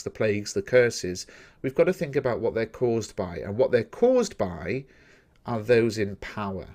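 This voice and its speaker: A man gives a recorded lesson on a poem, with his voice sitting in an ordinary middle pitch. He explains each point in a measured, methodical way and speaks straight to his viewers. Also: darkish tone. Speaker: teacher. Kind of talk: recorded poetry analysis lesson.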